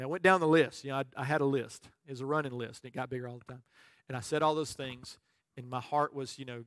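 A male pastor preaching a sermon, telling a personal story in a conversational way with frequent restarts and moments where he drops to a soft, quiet voice. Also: medium pitch, brisk, long pauses, dry recording, studio quality.

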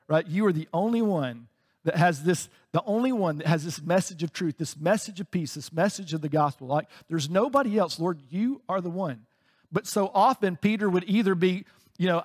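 A man preaching a sermon as a pastor, conversational and animated, often laughing between points. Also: sits high, a little fast, long reverb tail. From United States.

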